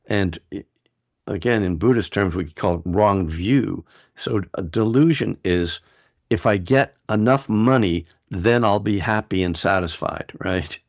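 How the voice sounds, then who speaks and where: A male meditation teacher speaks in a very low, gravelly voice, relaxed and discursive as he teaches. The recording is dry and close. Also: a little slow, no room sound. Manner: relaxed and discursive, laughs easily. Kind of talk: dharma talk and chat.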